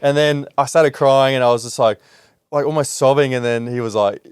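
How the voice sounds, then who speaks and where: A man's voice: mid-range voice, brisk, darkish tone, clean tone, no echo, studio quality. A man hosting a podcast, talking openly and reflectively about emotional experiences in a loose conversational way. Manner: candid and reflective, with frequent fillers and restarts. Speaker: podcast host.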